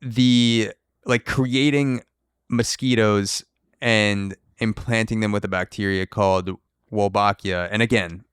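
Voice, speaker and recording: A man's voice: fairly low pitch, fairly even intonation, slow pace, fairly bright tone, clean tone, no room sound, studio quality. A young man hosting a podcast, rambling through jokey, speculative theories in casual chat. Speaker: podcast host.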